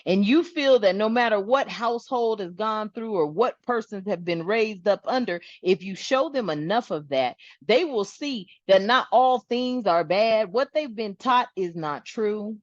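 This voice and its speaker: A woman hosting a spiritual channel, talking casually to her viewers in an animated, rambling way and swearing freely. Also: mid-range voice, a little slow, few pauses, no echo, lo-fi sound.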